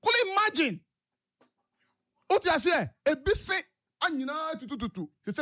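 A man's voice: extremely high pitch, big pitch swings, moderate pace, sharp tone. A man with a Ghanaian English accent, calling in to a talk show and giving impassioned political commentary with rhetorical questions. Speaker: caller.

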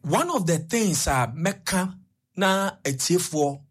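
A woman with a Ghanaian accent chatting on a radio show, telling animated stories and switching between Twi and English. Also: on the low side, slow, slightly rough. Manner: animated storytelling, code-switching. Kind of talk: casual chat mixing Twi and English.

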